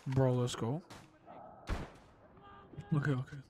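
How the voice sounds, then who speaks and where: A young man giving excitable gameplay commentary, exclaiming and swearing under his breath. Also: medium pitch, slow pace, background noise. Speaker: gamer. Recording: game gunfire and beeps behind.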